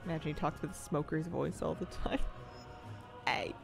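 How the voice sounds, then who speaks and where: A woman's voice: deep voice, fairly even intonation, normal speed, vocal fry, over music. A woman streaming a game, chatting casually with chat in a rambling way and laughing often. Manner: chatty, giggly, rambling asides.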